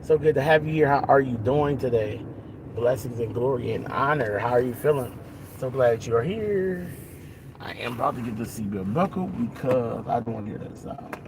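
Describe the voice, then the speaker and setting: A cheerful man hosts a casual live stream from behind the wheel. He greets viewers warmly and keeps an upbeat, chatty tone. Steady car and road noise sits clearly under his mid-pitched voice. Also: moderate pace. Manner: upbeat, greets viewers by name, folksy "y'all". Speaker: vlogger. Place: in a moving car.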